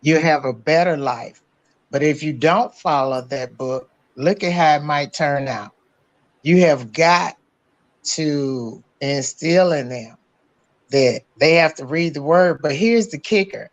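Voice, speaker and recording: A woman on a talk stream, speaking in a measured, preacherly way and posing rhetorical questions. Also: sits low.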